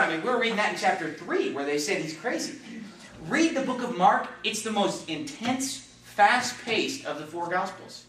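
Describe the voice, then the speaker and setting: A middle-aged man preaching a sermon as pastor, emphatic and excitable, his voice rising into shouts. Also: sits high. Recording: echoey hall from far off, faint noise.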